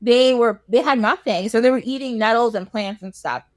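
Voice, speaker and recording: A woman's voice: fairly high pitch, moderate pace, no room sound, clean studio sound. A woman podcast host casually retelling a fairy tale, laughing often and acting out the characters. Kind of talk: casual storytelling chat.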